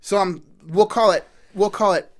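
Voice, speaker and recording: A man telling a story in a casual interview, animated and swearing freely as he acts out what people said. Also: high voice, normal speed. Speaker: guest musician.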